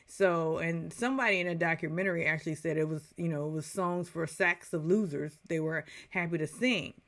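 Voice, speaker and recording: A woman's voice: sits low, a little fast. A woman in her forties giving a casual, chatty movie review, full of digressions and playful asides.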